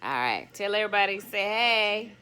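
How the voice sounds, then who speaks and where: A woman's voice: medium pitch, big pitch swings, moderate pace, pushed and bright, clean tone. A young woman in a casual home video, playfully coaxing her baby to make animal noises and laughing often. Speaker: vlogger playing with her baby. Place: home room.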